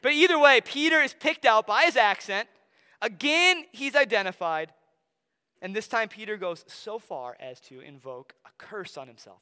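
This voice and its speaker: A young man from Wisconsin with an Upper Midwest accent, preaching a sermon in a conversational way, often dropping soft for emphasis. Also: high-pitched, expressive, normal speed, clean tone. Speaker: pastor. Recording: long hall reverb.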